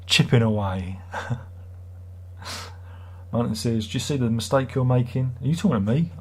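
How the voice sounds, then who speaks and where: A man's voice: medium pitch, moderate pace, a little mellow, breathy edge. A middle-aged man hosts a livestream, chatting casually and reading viewer comments in a sarcastic, rambling way. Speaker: livestream host.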